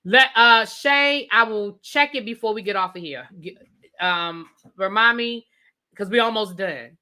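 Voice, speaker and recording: A woman with a DC accent talks through a live TV review, casual and full of sass. Her voice is bright and forceful, and she keeps breaking off to answer her live chat before diving back into the rant. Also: medium pitch, unhurried. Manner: chatty, reads and answers live chat, sassy slang. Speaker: host.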